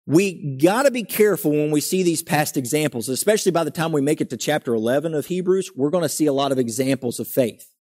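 A man's voice: fairly high pitch, animated, fast talker, darkish tone. Earnest preacher man, rising emphasis. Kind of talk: sermon.

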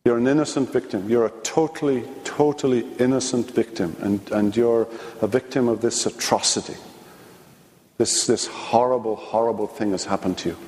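Halting preacher in an echoing church. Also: male voice, mid-range voice, a little mellow. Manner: earnest, halting delivery with frequent fillers and restarts. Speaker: preacher teaching a midweek theology class. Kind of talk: sermon lecture. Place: church sanctuary. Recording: long reverb of a large church.

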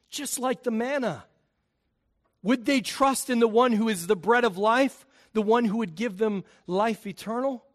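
Man, preacher, sermon, high-pitched, unhurried delivery, emphatic swells and quiet drops. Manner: emphatic, swells loud on key phrases then drops low.

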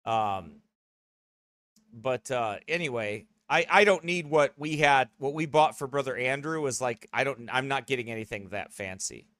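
A pastor chats casually with his streaming congregation, rambling and restarting often, his medium-pitched voice lively, fairly bright, and at a moderate pace. He sits close to a desk mic beside his streaming computer, with no room sound.

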